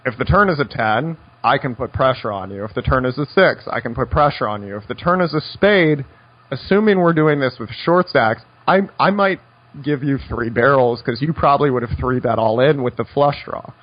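A man's voice: mid-range voice, animated, moderate pace. Guy breaking down poker hands, wry asides, a bit muffled lo-fi sound. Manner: wry, conversational storytelling with dry asides. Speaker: poker coach. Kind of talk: instructional poker talk.

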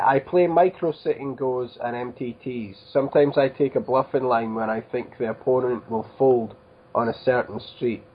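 A man's voice: medium pitch, slightly rough, dull audio. A Scottish man hosting a podcast, making short dry remarks and reading out listener questions. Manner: brief, dry interjections. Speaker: podcast host.

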